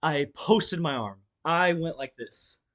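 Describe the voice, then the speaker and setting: A young man with a voice pitched a little high talks straight to camera in a casual storytime vlog. He rambles, restarts his sentences and leans on fillers, swearing freely. He acts the story out with his body as he goes. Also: lively intonation, takes it slowly, fairly bright tone. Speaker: vlogger.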